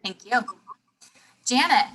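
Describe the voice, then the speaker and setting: A woman's voice: a little high, expressive, slow, a bit bright, slight background noise, poor audio. A woman hosting a group video call, welcoming people in a joking, easygoing way. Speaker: meeting host.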